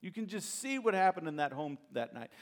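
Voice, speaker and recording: A male pastor preaching a sermon, retelling a story with animated, humorous asides to the congregation. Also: high voice, a little fast. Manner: addresses congregation directly.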